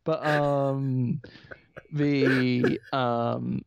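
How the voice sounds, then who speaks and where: A man's voice: medium pitch, flat delivery, very slow, vocal fry, smooth, dry recording. A young Scottish man co-hosting a casual podcast, defensive and self-mocking, laughing often. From Scotland. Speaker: podcast co-host. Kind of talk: casual chat. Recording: dry, slightly dull mic.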